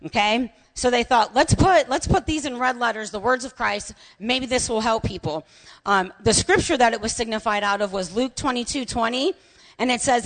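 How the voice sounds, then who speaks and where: High-voiced woman preaching in a reverberant hall. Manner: lively storytelling, shouts at the peaks. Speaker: pastor. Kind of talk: sermon. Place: church sanctuary. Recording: long reverb of a large hall.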